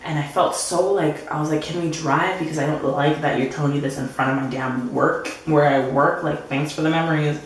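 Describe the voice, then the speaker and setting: A woman's voice: deep voice, fairly even intonation, a little fast, hardly any pauses. A young woman vlogger telling a breakup story while doing her makeup, chatty and full of "like". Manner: chatty, fillers "like" everywhere. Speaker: beauty vlogger. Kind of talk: casual get-ready-with-me storytime. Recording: very echoey room with faint noise.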